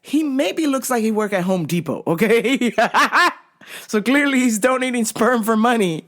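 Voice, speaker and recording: A woman telling a story in a casual vlog, animated and profane, often laughing. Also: a little high, normal speed. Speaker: vlogger.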